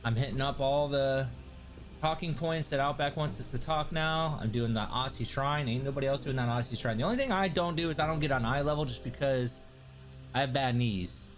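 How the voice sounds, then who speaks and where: A man's voice: mid-range voice, moderate pace, faint music behind. A man chatting casually on a livestream, blunt and swearing freely. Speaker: streamer.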